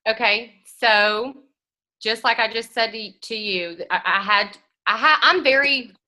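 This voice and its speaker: Woman in her thirties, frank and direct, bright and a bit high, team-meeting speaker. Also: measured pace, poor audio. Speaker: guest speaker. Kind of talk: motivational team talk.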